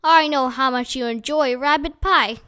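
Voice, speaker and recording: A woman voicing a big bearded wandering man who speaks in a gentle, courtly, playful way in a storybook reading. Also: sits high, moderate pace, clear, resonant tone. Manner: courtly, playful, formal wording.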